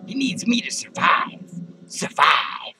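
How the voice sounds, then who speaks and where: A man's voice: sits high, very animated, slow pace, creaky, heavily acted, rough recording. A man doing a foul-mouthed ranting clown. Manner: profane, rambling ranting. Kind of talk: comedic character monologue. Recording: loud music playing behind the voice.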